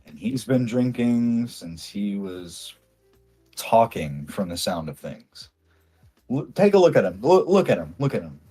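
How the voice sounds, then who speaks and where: A man's voice: fairly low pitch, big pitch swings, unhurried, dark tone, husky, soft background music, full character voice. A man voicing an exasperated, sarcastic female tavern barkeep who sighs through her replies. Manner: sighing, exasperated, dryly polite.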